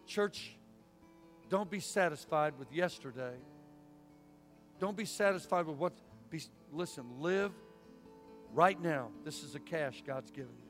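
A man's voice: a little high, expressive, a little slow, long pauses, soft background music. A middle-aged man preaching a sermon in a church, folksy and storytelling, with punchy emphatic lines. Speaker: guest preacher. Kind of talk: sermon with altar call. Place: church sanctuary.

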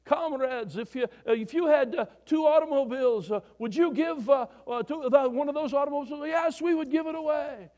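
Joke figure: hesitant Russian comrade, raised pitch, halting delivery, put on by a male preacher. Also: a little mellow, dull audio. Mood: earnest. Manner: halting, full of uh's.

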